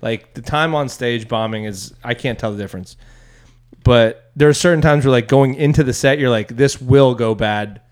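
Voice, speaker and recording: A young man, a stand-up comedian, telling a story in casual chat, rambling with restarts and bursting into loud voices for other people. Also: mid-range voice, normal speed. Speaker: stand-up comedian, podcast co-host.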